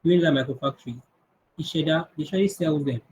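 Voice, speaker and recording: Here the man's voice is a little high and a little mellow, though a bit strained, and he talks fast. Teaching children to code on a video call, he answers questions conversationally with many restarts, all captured on poor audio.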